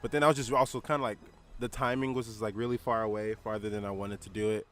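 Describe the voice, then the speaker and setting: A man co-hosting a podcast, telling a personal story in a relaxed, rambling way with lots of fillers. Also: on the low side, fast talker, soft background music. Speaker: podcast co-host. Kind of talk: casual storytelling chat.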